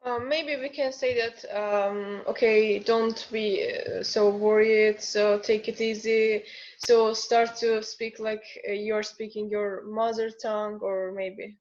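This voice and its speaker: A woman's voice: mid-range voice, little pitch movement, slow pace, darkish tone, highs cut off, a little hiss or hum. A woman taking part in an online teacher training, tentatively suggesting ideas. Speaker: training participant.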